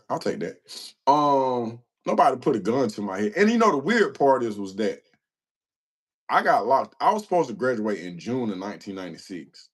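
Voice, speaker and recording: A man's voice: fairly low pitch, husky. A man hosting a casual livestream, telling stories with a self-mocking, slangy manner and laughing often. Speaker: livestream host. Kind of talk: casual livestream chat reading comments.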